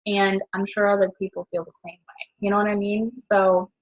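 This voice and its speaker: Chatty husky woman, lo-fi. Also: mid-range voice, flat delivery, a little fast. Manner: chatty, filler-heavy, self-correcting; laughs often. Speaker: network marketer. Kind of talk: casual monologue about her business.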